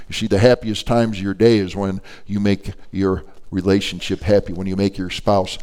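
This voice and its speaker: An older man preaching a sermon to an adult Bible class, telling stories in an animated, emphatic way. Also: low voice, normal speed, hardly any pauses, clear, resonant tone.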